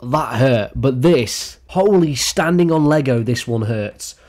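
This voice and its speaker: A man's voice: medium pitch, expressive, slow, darkish tone. Crude, sarcastic young man ranting. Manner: sarcastic, crude, mock-dramatic. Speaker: YouTube commentator. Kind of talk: comedic celebrity gossip rant.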